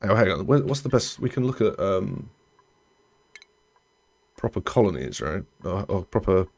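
A young male streamer with a creaky voice and big pitch swings talks at normal speed while playing a colony-building game. It's casual let's-play commentary: chatty, meandering, self-correcting, often fading off low.

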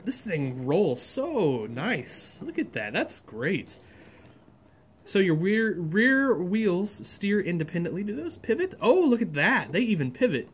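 Lively, chatty man reviewing a toy. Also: a little high, husky. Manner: chatty, enthusiastic, rambling with self-corrections. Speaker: scale model reviewer, channel host. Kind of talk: casual hands-on toy review.

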